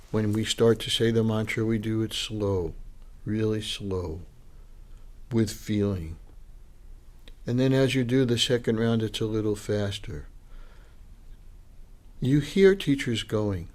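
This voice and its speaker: A man's voice: lowish voice, takes it slowly, darkish tone. A man teaching a Dharma class as a Buddhist lama, in an informal, chatty way that acts out the voices he quotes. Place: meditation class with students.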